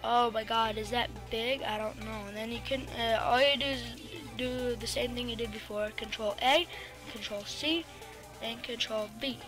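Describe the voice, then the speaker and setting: Casting: female tutorial host, slightly high voice, loose rambling delivery, talks to the screen, music under the voice. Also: fairly even intonation, normal speed. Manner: rambling, chatty, full of fillers, talks back to pictures. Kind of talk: casual screen-recording tutorial. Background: background music.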